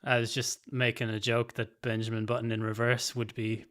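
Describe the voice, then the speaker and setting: A man's voice: medium pitch, monotone, moderate pace, fairly bright tone. A man hosting a casual podcast with friends, teasing them and laughing often. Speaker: podcast host. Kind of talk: casual chat.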